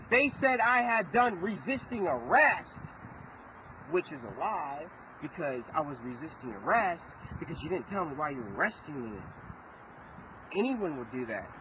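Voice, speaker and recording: A high-pitched man talks straight to the camera in a rambling, agitated vlog, swearing as he goes. His voice is bright and edgy, with faint traffic noise behind him. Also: rough recording. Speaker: vlogger. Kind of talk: casual storytelling to camera.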